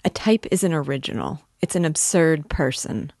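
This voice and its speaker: A woman's voice: deep voice, expressive, moderate pace, a little mellow, no echo, clean studio sound. A woman reading the part of a shy, solitary young man who talks earnestly and with some hesitation, in an audiobook.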